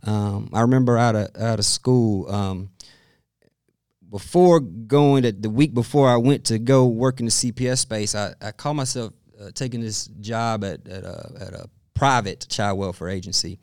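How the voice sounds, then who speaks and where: A middle-aged man speaking as a guest expert in a podcast interview, telling stories in an animated way and laughing often. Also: on the low side, moderate pace, clear, resonant tone, no echo, clean studio sound.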